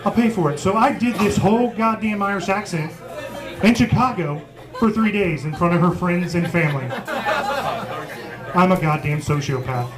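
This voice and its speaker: A man's voice: high voice, normal speed, long pauses. A man in his forties doing a profane, self-mocking stand-up set in a pub. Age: 40s. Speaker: stand-up comedian. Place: small pub comedy stage. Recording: live pub crowd noise. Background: crowd laughing.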